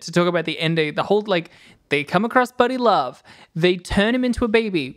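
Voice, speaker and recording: A woman co-hosting a film review podcast, giving earnest, rambling plot recaps in casual chat. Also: mid-range voice. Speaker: podcast co-host.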